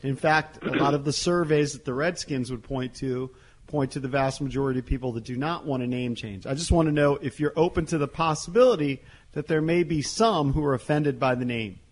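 A man's voice: medium pitch, fairly quick. A man hosting a sports talk radio show, taking calls in a conversational way. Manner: conversational, reads ads. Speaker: radio host.

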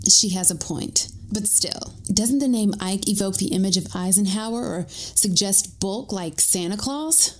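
A woman narrating a first-person story with a wry, lively storytelling manner. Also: mid-range voice, unhurried, hardly any pauses.

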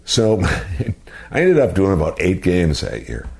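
A man in his sixties, a radio personality telling animated anecdotes as a guest, slipping into quoted voices. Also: low voice, takes it slowly, gravelly. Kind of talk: storytelling in interview.

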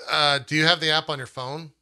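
A man hosting a casual podcast in a very bright, forward voice. He teases his co-host and swears in an offhand way. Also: fairly high pitch, fairly even intonation, a little fast, clear, resonant tone.

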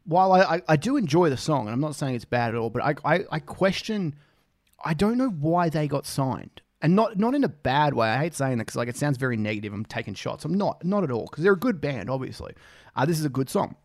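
A man's voice: fairly high pitch, very animated, brisk, dry recording, studio quality. An Australian man hosting a casual music reaction, rambling, swearing freely and joking at his own expense. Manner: rambling, swears freely, self-deprecating jokes.

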